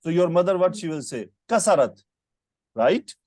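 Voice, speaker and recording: A man's voice: a little high, expressive, moderate pace, a little mellow, dry recording. Patient male Arabic teacher on a call. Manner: patient, quizzing the student with short questions. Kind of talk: online grammar lesson. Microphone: computer mic on a video call.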